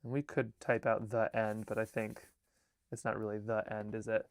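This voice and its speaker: A man, an artist and filmmaker, chatting casually in a vlog, halting and restarting his sentences and often dropping to a murmur. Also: fairly low pitch, little pitch movement, no echo, studio quality. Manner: halting, with many restarts and fillers.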